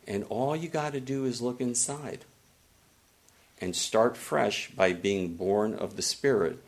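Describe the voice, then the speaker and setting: A man preaching a sermon, retelling scripture in an animated way and slowing down for the quoted words. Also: on the low side. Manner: animated, slows down for quoted lines.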